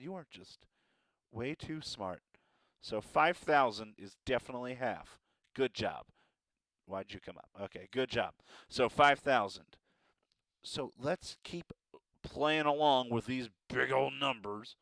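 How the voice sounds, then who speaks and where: A man's voice: mid-range voice, animated, takes it slowly, a bit bright, no echo. A man teaching a math lesson, encouraging and playful with joking asides.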